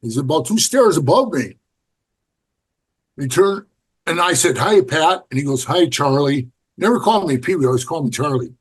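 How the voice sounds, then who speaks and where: His voice sits on the high side, slightly rough, with big pitch swings, a brisk pace and frequent pauses. The middle-aged man is a podcast guest and former biker club member, acting out quotes as he tells blunt, profane stories in a relaxed interview.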